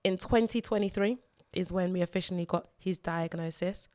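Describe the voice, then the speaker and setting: A woman co-hosting a podcast, telling a personal story in an earnest, halting way, repeating words as she gathers herself. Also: fairly low pitch, darkish tone, no room sound, clean studio sound. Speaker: podcast co-host and mother.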